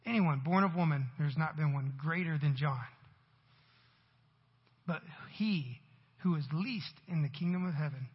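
A man's voice: on the high side, normal speed, pauses often, slightly rough, big-room sound, highs cut off. A man who is a parent, preaching a church sermon, earnestly posing questions to the congregation. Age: adult parent. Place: church sanctuary.

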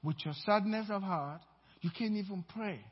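At a normal speed and with a breathy edge to his voice, a pastor preaches emphatically in a church sanctuary. He moves between loud statements and low asides, and the hall recording is dull and reverberant.

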